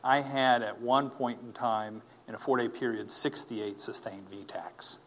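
A man telling his personal testimony in an earnest, halting way, with many fillers and restarts. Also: medium pitch, fairly even intonation, fairly bright tone, a little hiss or hum.

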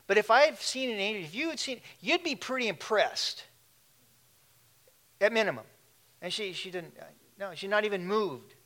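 A man's voice: high-pitched, animated, normal speed, pushed and bright. A man preaching a sermon in a conversational way, with asides and questions to the congregation. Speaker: pastor.

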